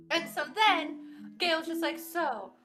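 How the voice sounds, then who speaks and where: A woman recapping a tabletop game session in a casual, giggly way, laughing often and swearing freely. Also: very high voice. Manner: giggly, breathless storytelling, frequent swearing.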